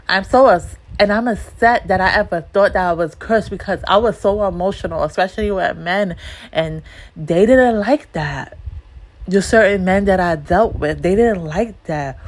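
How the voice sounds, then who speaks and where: Woman podcast host, kinda low voice, talks slow, cusses a lot, super blunt, says stuff twice for emphasis. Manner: repeats lines for emphasis. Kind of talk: solo podcast monologue.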